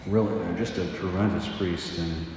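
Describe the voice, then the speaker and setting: Priest, male, deep low voice, halting chatty homily, booming church reverb, audible room noise. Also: fairly even intonation. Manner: conversational, halting, many fillers. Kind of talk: casual homily. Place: large echoey church. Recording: distant mic in reverberant church.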